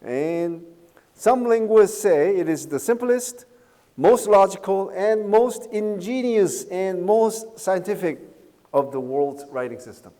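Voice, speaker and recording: A man's voice: high voice, slow pace, dark tone, long reverb tail. A man giving a university lecture in a casual, jokey way, often checking with the class by asking "right?" and "okay?". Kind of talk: recorded online lecture.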